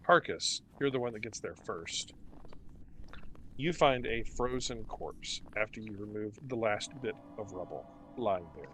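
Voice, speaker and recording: Brief: low, unhurried male game master, relaxed narration, noisy home recording. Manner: relaxed, descriptive, with fillers.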